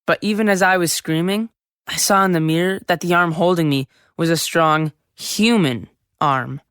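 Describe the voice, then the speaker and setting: A woman playing a seventh-grade boy who narrates his own story in a full-cast audiobook, lively and chatty with sudden yells. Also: on the low side, moderate pace, smooth, dry recording, natural voice. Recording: dry close studio sound.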